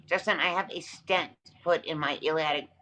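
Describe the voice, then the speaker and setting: A woman's voice: low-pitched, fairly even intonation, moderate pace, pushed and bright, faint music behind, poor audio. A woman hosting a livestream, talking back to her chat in an emphatic, repetitive way while exhausted. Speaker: livestream host. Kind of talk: casual livestream talk to chat.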